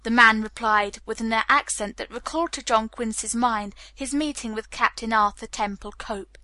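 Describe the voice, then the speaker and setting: An audiobook narrator reads a novel aloud in a steady, clear storytelling manner at a moderate pace. Her voice is slightly high and bright. The recording is close and dry, with no echo.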